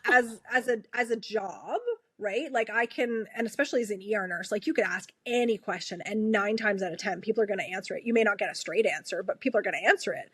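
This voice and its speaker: A woman's voice: mid-range voice, fast, a bit bright, husky, no room sound. A woman from Canada, an emergency room nurse, telling stories in a casual conversation, chatty with lots of fillers and frequent laughs. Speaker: ER nurse guest.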